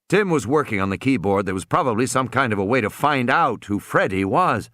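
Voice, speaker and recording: A man reading an audiobook aloud in an expressive, dramatic narration. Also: medium pitch, fairly quick, hardly any pauses, no room sound, studio quality. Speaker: audiobook reader. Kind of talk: scripted narration.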